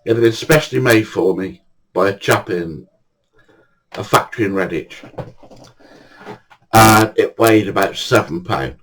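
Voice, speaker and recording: A man's voice: on the low side, a little slow, long pauses, fairly bright tone, poor audio. An older man casually telling a funny true anecdote, chatty and swearing now and then, acting out the dialogue. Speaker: storyteller.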